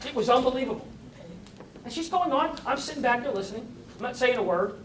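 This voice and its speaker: A man telling a story as a motivational speaker, animated and rising to high bursts of excitement. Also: fast, reverberant, far from the mic, a little hiss or hum. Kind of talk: storytelling talk.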